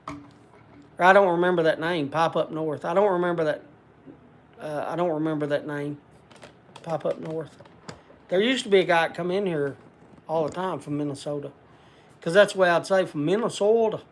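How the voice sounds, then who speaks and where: A man's voice: a little high, moderate pace, long pauses, a little hiss or hum. An older man hosting a casual livestream, rambling in a folksy country way and answering viewer comments. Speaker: livestream host.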